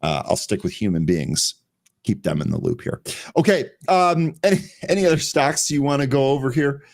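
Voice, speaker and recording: A man runs a live pre-market show about trading, reading out headlines and checking stock charts in a chatty, laughing way. His voice is medium-pitched with big pitch swings, at a normal speed.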